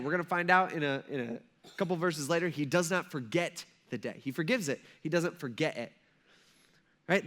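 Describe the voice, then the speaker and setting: A man's voice: a little high, a bit bright. A male pastor preaching a sermon in a conversational, emphatic way, often checking in with his listeners.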